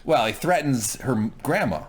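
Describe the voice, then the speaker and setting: Animated man doing a profane TV recap. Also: medium pitch, normal speed, breathy edge. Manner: animated, profane, acts out scenes in silly voices. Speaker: co-host reviewing a TV episode. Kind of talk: casual review chat.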